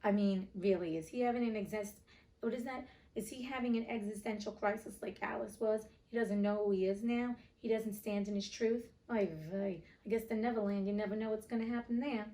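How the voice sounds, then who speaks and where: A woman reads a classic storybook aloud in an expressive, playful way and often breaks off for chatty asides. Her voice is set a little back from the microphone, giving a slightly distant sound. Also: mid-range voice, brisk. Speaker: storybook reader.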